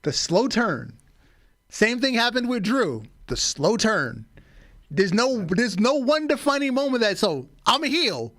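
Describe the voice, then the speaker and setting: A man's voice: high voice, sing-song, measured pace, fairly bright tone, dry recording, clean studio sound. A man co-hosting a wrestling podcast, talking through storylines analytically and steering the chat. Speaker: podcast co-host.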